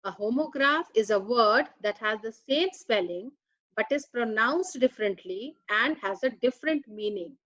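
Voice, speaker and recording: A woman's slightly high, fairly bright voice carries lively intonation as she slowly explains English grammar, carefully reading out one word and its meaning at a time. The recording is dry, with the high frequencies cut off.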